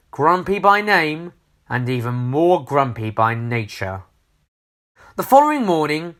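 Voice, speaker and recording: A man reading a children's storybook aloud, expressive, asking the listener questions. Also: medium pitch.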